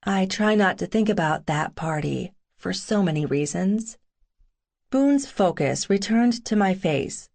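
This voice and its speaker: A woman's voice: medium pitch, lively intonation, unhurried, creaky, a little mellow. A woman narrating a first-person romance audiobook in a sassy, wry tone.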